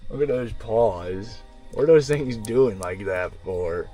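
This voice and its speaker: A man voicing his pet dog, a fussy, put-out female dog grumbling in a low, complaining voice, with music playing behind. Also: expressive, slow. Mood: puzzled grumbling.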